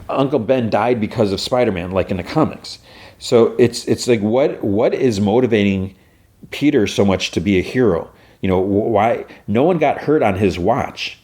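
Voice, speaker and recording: A man's voice: on the low side, normal speed, darkish tone. A man hosting a podcast, casually recapping an episode in a rambling way with lots of fillers. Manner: rambling, full of fillers and restarts. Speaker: podcast host.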